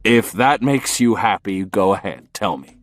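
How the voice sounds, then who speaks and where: A man reading the lines of a male sorcerer teacher in an audiobook, matter-of-fact and gently mocking. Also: lowish voice, unhurried, faint music behind. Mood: calm.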